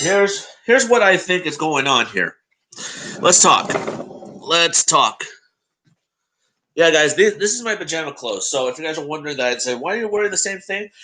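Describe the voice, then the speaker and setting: Bright-voiced young man chatting to stream. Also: high-pitched, slight background noise. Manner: talks to chat, greets viewers by name. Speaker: live-stream host reacting to election coverage. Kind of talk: casual live-stream chat.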